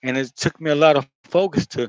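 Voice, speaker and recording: A man's voice: a little high, fast, no echo, highs cut off. A man with a Florida accent chatting loosely while he cooks, rambling, laughing and swearing as he goes. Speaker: home cook. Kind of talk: casual cooking vlog talk.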